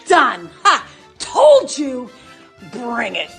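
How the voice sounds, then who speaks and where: A woman's voice: high-pitched, animated, measured pace, fairly bright tone, soft background music. A woman playing an eager young game show contestant who will do anything for Hollywood fame, gushing and over the top. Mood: triumphant.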